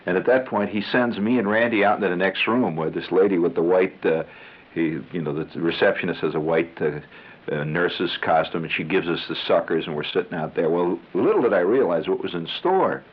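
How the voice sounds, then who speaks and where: A man's voice: sits low, a little fast, husky. A man telling a comic monologue on the radio in a rambling, conversational way with chuckling asides. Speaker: radio storyteller. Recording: tinny 1970s radio broadcast.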